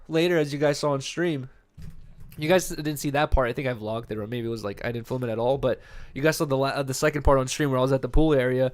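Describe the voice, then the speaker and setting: A man's voice: medium pitch, steady tone, fast. Young man rambling a slangy story. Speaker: podcast host. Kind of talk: casual after-show chat.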